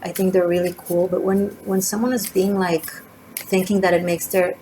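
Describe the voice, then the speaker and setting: A woman's voice: fairly low pitch, flat delivery, normal speed, mellow, low-quality recording. A woman giving a casual, rambling tarot reading, drifting from topic to topic. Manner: chatty, digressive, rambling with fillers. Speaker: tarot reader. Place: indoors by a street. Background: faint sirens and motorcycle noise from outside.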